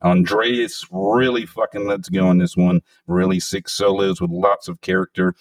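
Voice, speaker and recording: A man's voice: deep voice, little pitch movement, moderate pace, dry recording, recorded from a distance. A man hosting a metal podcast, reading enthusiastic album reviews and chatting with profane emphasis. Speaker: podcast host. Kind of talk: casual podcast chat with read reviews.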